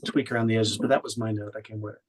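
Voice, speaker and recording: A man from Oklahoma, USA, who works as an audiobook narrator and director, talks through feedback conversationally. His voice sits on the low side, with a steady tone and a quick pace, and he's thoughtful, frequently restarting and leaning on fillers.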